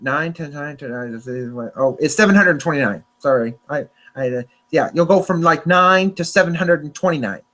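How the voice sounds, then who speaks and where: Young male host, high voice, chatty and rambling, stumbles and corrects himself. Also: a bit bright. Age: young adult. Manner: rambling, restarts and self-corrections. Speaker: podcast host. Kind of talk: casual chat about storm forecasts.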